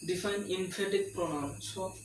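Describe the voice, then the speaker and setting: In a roomy recording from a distant mic, with loud insect noise behind him, a male tutor delivers an exam-prep lecture. He speaks high-pitched at a moderate pace, reading questions aloud and repetitively reassuring his students.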